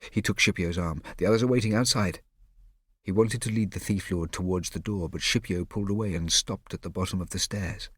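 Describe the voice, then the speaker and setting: A man narrating a children's novel in a measured, expressive way. His voice sits fairly low and the recording is close and dry. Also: breathy edge, dry recording. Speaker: audiobook narrator. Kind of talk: scripted narration.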